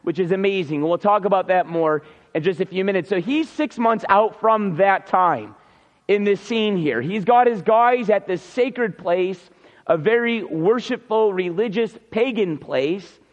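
A man's voice: sits high, measured pace, big-room sound, dull audio. A man preaching a Sunday sermon, earnest and emphatic, repeating key words for stress. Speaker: pastor.

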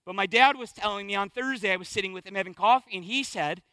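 A man's voice: sits high, fast, pushed and bright, no room sound. A man in his thirties, a pastor preaching a sermon in church, emphatic and repeating phrases to drive points home.

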